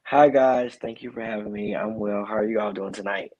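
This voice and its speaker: A man's voice: lowish voice, fairly even intonation, fairly quick, highs cut off, crowd noise. A man joining a casual online show as a guest from his cell phone, speaking in an easygoing, reflective way. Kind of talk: casual chat on a video call.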